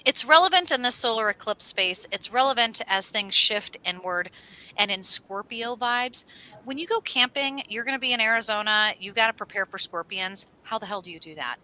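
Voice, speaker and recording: A woman co-hosting an astrology livestream, telling rambling stories in a casual, animated way and swearing now and then. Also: mid-range voice, poor audio. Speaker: astrology show co-host.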